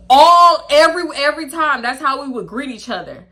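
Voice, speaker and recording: A young woman telling a casual storytime, chatty and animated, acting out quoted dialogue with laughs. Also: high-pitched, brisk. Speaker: storytime YouTuber.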